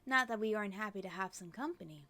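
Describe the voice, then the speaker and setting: A woman's voice: medium pitch, expressive, quick pace, bright, forceful tone. A doting elderly fairy aunt, fussy and motherly, calling everyone dear in a lifted, sing-song voice, as a woman reads her lines aloud. She sounds kindly and a little flustered, like a storybook godmother in a video game. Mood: sweet, doting. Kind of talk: reading game dialogue aloud in character.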